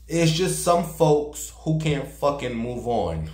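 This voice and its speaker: A man's voice: medium pitch, very animated, a little slow, hardly any pauses, a little mellow. A man giving sassy, profane gossip commentary and dramatic storytelling as a vlogger. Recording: roomy echo.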